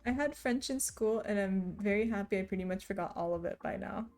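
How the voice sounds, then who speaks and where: A woman's voice: medium pitch, brisk, a little mellow, soft background music. A woman streamer chatting casually and reading her chat aloud, often laughing as she talks.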